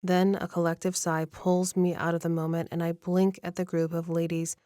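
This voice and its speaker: A woman narrating a first-person romance audiobook in an even, measured storytelling manner, close to the mic. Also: on the low side, dry recording.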